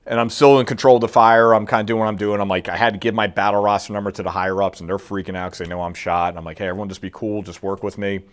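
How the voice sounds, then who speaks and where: A man's voice: lowish voice, steady tone, very fast, hardly any pauses, clear, resonant tone. A middle-aged man telling a war story in a casual interview, acting out quotes and swearing freely. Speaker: guest, military veteran.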